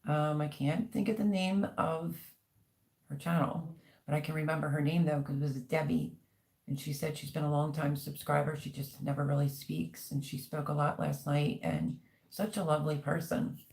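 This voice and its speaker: A woman's voice: deep voice, steady tone, normal speed, creaky, a little mellow. A middle-aged woman hosting a casual livestream, chatting and reading out viewer comments with lots of ums. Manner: chatty, rambling, many ums. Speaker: livestream host.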